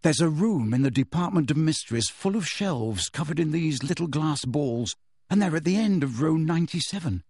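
A man's voice: fairly high pitch, animated, moderate pace, darkish tone, husky, no room sound, clean studio sound, pitched above the performer's own voice. A man reading aloud and voicing an agitated teenage wizard boy who talks urgently and defensively.

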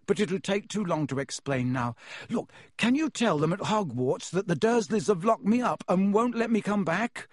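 A man's voice: high-pitched, animated, moderate pace, no echo, clean studio sound, voice pushed up. A man reading aloud and voicing an anxious teenage boy wizard, urgent and pleading, in a raised voice.

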